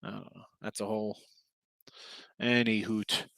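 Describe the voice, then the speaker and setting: A man's voice: fairly low pitch, flat delivery, unhurried, vocal fry, pushed and bright, no room sound. A middle-aged man hosting a sports betting show, chatting casually with viewers, rambling and correcting himself, a bit tired. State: tired, yawning. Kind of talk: casual livestream chat.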